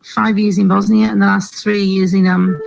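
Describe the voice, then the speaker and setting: A woman's voice: medium pitch, flat delivery, normal speed, gravelly, a little mellow, poor audio. A woman from Australia, an aid worker, telling a reflective personal story with many hesitations and fillers.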